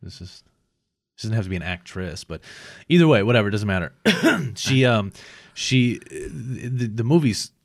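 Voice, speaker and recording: A man with a fairly low voice co-hosts a podcast in loose banter. He curses a lot, laughs easily and trips over his own sentences. The sound is dry and close. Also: lively intonation, normal speed, vocal fry, no room sound. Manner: swears often, laughs a lot, restarts sentences. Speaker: podcast co-host. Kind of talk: casual banter.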